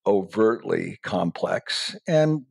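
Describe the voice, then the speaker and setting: Emphatic low-voiced man, dry sound. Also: lively intonation, slow pace, vocal fry, darkish tone, slightly rough, no room sound. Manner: emphatic, acts out quoted dialogue in raised voices. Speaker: guest entrepreneur. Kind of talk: interview answers.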